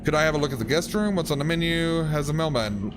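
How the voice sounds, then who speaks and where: A man's voice: on the high side, fast, music in the background. A man streaming a game, reading its text aloud and adding wry asides.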